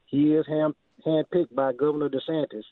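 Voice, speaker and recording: A man calling in to a radio show, speaking in a hesitant, halting and polite way. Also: on the high side, fairly even intonation, dry recording. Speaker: caller. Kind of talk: phone-in comment. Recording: tinny dry phone line.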